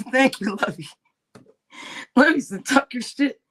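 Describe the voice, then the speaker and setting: Furious high-voiced woman ranting on stream. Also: animated, slow, breathy edge. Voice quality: heavy cursing, shouting bursts. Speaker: livestream host. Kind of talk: angry livestream rant.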